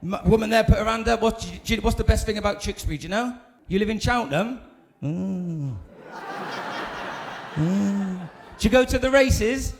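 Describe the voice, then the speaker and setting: A man's voice: high-pitched, quick pace, gravelly, slight background noise. A man hosting a comedy club night, bantering crudely with the crowd and hyping it up. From England. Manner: crude, teasing banter with the crowd, shouting to hype the room. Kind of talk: stand-up compering.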